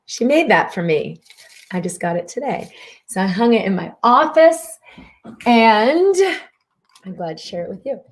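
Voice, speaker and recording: A woman's voice: mid-range voice, sing-song, a little slow, pauses often. A middle-aged woman, a physician, hosting a live wellness stream. She talks in an upbeat, friendly way and greets viewers by name. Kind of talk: live-stream talk reading viewer comments.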